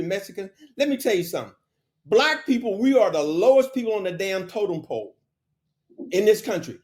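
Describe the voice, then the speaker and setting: Man host, high animated voice, insistent and forceful, keeps cutting in to finish his point. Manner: forceful, insistent, repeats phrases to hold the floor. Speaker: podcast host. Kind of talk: heated debate.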